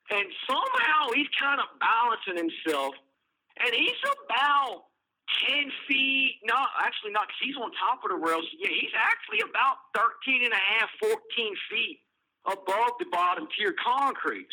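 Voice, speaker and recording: A man's voice: extremely high pitch, very animated, a little slow, bright, forceful tone, rough recording. A man, casually telling a prison story, rambling, swearing and laughing at it. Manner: rambling, profane, laughing at his own story. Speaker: podcast host, prisoner telling stories.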